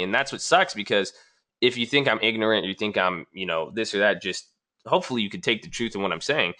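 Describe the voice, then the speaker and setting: A man's voice: fairly low pitch, lively intonation, fairly quick, bright, forceful tone. A man hosting a trading channel, casually arguing back at viewer comments he reads aloud. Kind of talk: casual talking-head response video.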